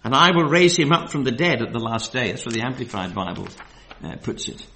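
A man preaching a Bible study sermon. He reads verses slowly and with emphasis, then drifts into loose, filler-heavy asides. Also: mid-range voice, sing-song, pushed and bright.

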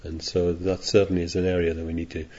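Low, mellow-voiced man preaching. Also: level tone, fast talker. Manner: rambling, digressive preaching with scripture readings. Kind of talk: sermon. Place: congregation in California. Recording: dull lo-fi sermon recording.

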